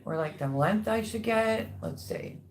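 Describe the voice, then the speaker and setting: A woman hosting a casual livestream, chatting and reading viewer comments aloud with warm, gushing thanks. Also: medium pitch, lively intonation, a little slow. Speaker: livestream host.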